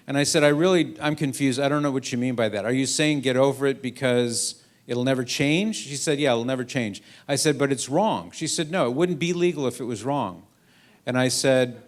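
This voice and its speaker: A middle-aged man gives a lively storytelling talk to a school crowd. His voice sits at an ordinary pitch. He swings it up and down as he acts out the other people in his stories. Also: a little fast. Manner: animated anecdote-telling, acts out quoted voices. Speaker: guest speaker. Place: school event hall.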